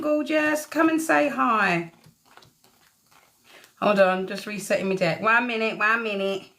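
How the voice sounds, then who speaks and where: A woman reading tarot on a live stream, chatting casually, greeting viewers warmly and calling them pet names. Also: medium pitch. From England. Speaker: tarot reader.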